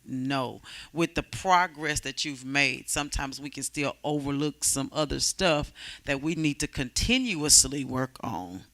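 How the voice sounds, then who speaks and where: A man in a church group sharing in a halting way, repeating himself. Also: mid-range voice, vocal fry, sharp tone.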